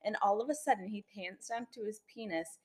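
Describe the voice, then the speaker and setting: A young woman co-hosting a casual podcast, recounting a story with animated energy. She acts out what people said and fills her talk with loose, rambling fillers. Her voice sits at an ordinary middle pitch. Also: a little fast, a crowd in the background. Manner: animated storytelling, acting out quotes with many "like" fillers. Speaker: podcast co-host. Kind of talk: casual chat.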